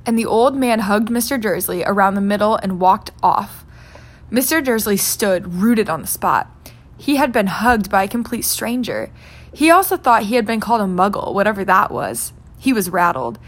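A woman reads a novel aloud in a middle-pitched voice. She takes her time and now and then slips in an aside of her own. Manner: unhurried, adds own asides. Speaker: reader.

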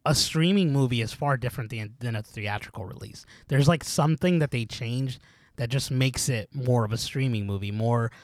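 A man's voice: medium pitch, normal speed, no room sound. A man co-hosting a podcast in casual chat, rambling, restarting his sentences and often breaking into laughter. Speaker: podcast co-host.

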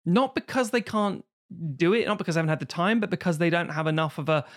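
A man's voice: high-pitched, fast talker. A man co-hosting a podcast, talking casually and animatedly about acting, rambling and swearing freely.

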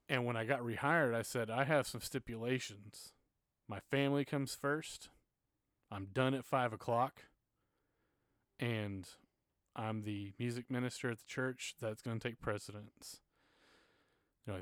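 A man in his thirties speaks in a casual podcast conversation, earnest and open as he tells personal stories. His voice is mid-pitched and recorded dry and close, with no room sound. At times he gets emotional. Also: fairly even intonation, moderate pace, fairly bright tone, no room sound. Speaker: podcast guest, church music minister.

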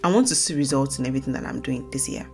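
A young woman from Nigeria hosting her own casual podcast, talking fast and rambling, often correcting herself mid-sentence. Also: very deep voice, vocal fry, soft background music. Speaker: podcast host. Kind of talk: casual solo podcast talk.

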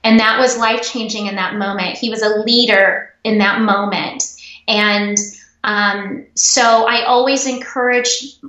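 A woman's voice: a little high, a little slow. Earnest woman telling stories, echoey sound. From United States. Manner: earnest, animated storyteller. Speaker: guest. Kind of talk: interview storytelling. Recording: echoey, dull remote audio.

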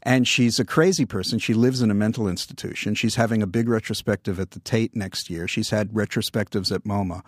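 An older man telling wry anecdotes in a relaxed interview, with dry humor. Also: fairly low pitch, no room sound. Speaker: guest. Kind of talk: conversational interview storytelling.

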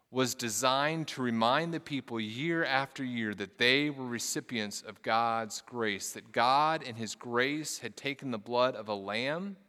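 A man's voice: mid-range voice, bright, forceful tone, big-room sound. A man preaching a sermon, reading scripture aloud and telling a story with earnest emphasis and casual asides. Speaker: pastor.

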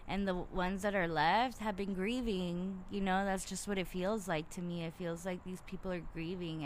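Young woman ranting casually, cusses a lot, swings loud then soft, bit of hiss behind. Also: fairly low pitch. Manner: animated, swears freely, gets worked up. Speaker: podcaster. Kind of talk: casual monologue.

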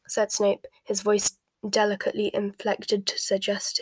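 Woman, whispered storybook reading, hushed, steady, breathy, dry close sound. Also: medium pitch, unhurried, no room sound. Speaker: narrator.

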